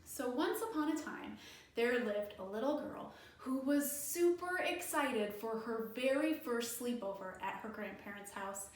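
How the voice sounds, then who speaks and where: A woman librarian telling a folk tale for children, animated and inviting them to join in, in an echoey room from a distance. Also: on the high side, measured pace. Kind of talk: children's storytime narration.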